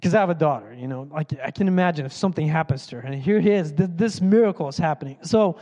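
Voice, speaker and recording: A man preaching a sermon as a pastor, animated and acting out voices from the story. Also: a little high, fast talker, highs cut off. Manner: animated, acts out quoted voices. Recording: long hall reverb.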